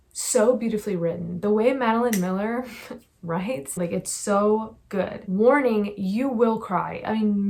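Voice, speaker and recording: A young woman chatting casually about her favorite books, gushing and rambling with effusive enthusiasm. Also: medium pitch. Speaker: book vlogger. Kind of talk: casual book review chat.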